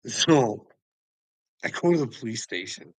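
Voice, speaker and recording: A man's voice: mid-range voice, lively intonation, a little slow, slightly rough, no room sound, low-quality recording. A man angrily telling a story about a run-in with police, swearing heavily and sounding agitated. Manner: profane, agitated, heavy swearing. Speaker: vlogger telling a personal story. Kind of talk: angry storytelling rant.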